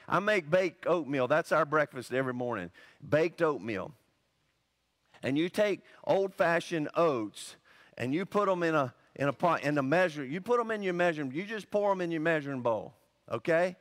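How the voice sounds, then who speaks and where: Animated, chatty male pastor, higher voice. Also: normal speed. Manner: conversational and animated, exclaims "man", rambles in asides. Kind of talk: sermon.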